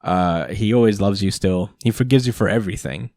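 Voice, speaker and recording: A man voicing a protective, caring big sister from a comic during a recap, speaking in a calm, lecturing way. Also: on the low side, a little fast, dry recording, studio quality, close to an everyday voice. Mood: scolding.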